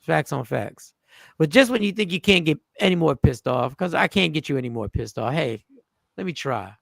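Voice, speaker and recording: Gravelly, blunt male commentary host. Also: fairly high pitch, animated, moderate pace, a bit bright, no room sound, studio quality. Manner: blunt, emphatic, swears. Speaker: show host. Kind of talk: casual commentary.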